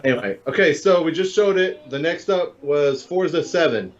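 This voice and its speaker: A man's voice: on the high side, lively intonation, moderate pace. Man, casual gaming podcast co-host, joking and laughing, slightly muffled audio. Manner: chatty, jokey, laughs often.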